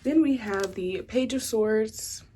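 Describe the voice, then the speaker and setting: A woman's voice: on the high side, slow pace, warm tone, a little hiss or hum. A young woman from the States, giving a casual pick-a-card tarot reading in a chatty, rambling way full of "like" and "you know". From Southern United States. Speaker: tarot reader.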